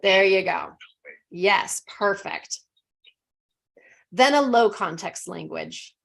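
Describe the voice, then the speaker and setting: A woman runs an online pronunciation lesson, speaking at an unhurried, drawn-out pace. She is encouraging and spells out each sound carefully for her students. Her voice comes through a video call. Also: mid-range voice, expressive, vocal fry, a bit bright. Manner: encouraging, models words slowly and deliberately. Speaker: English pronunciation teacher.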